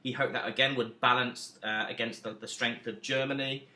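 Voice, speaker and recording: A man teaching a recorded history lesson, emphatic and lively, with self-deprecating asides. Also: medium pitch, moderate pace, roomy sound.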